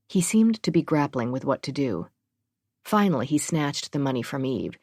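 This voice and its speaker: A woman narrating a thriller audiobook in a measured, even way. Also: rumbling low, dry recording, clean studio sound.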